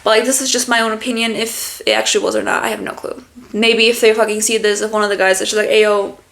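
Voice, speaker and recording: A woman's voice: medium pitch, level tone, fast talker, a bit bright. A young woman from Germany whose first language is German, rambling through a casual story as a podcast host, with constant fillers and swearing.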